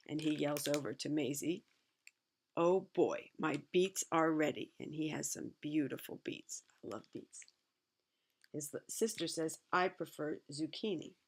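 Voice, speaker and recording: A middle-aged woman with a gravelly, creaky voice reads a children's picture book aloud. She keeps breaking off from the text to add chatty asides of her own. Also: deep voice, darkish tone. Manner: chatty asides between read passages. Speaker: reader.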